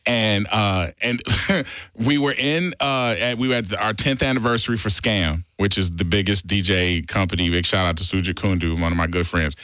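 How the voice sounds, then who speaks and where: A man in a radio studio, telling a story in casual chat and acting out quotes with loud bursts. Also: on the low side, moderate pace, no echo. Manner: animated storyteller, acts out quotes loudly. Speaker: radio DJ guest.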